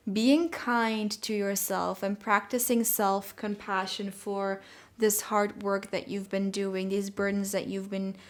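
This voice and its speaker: A young woman giving a casual tarot reading, talking in a soft, gentle and reassuring way. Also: medium pitch. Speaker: tarot reader.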